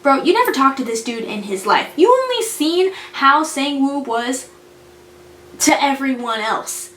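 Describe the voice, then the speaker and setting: A woman's voice: high voice, expressive, a little slow, a bit bright. Blunt, profane young woman in an echoey room. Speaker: anime reviewer. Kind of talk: casual spoken review. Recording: roomy echo, faint noise.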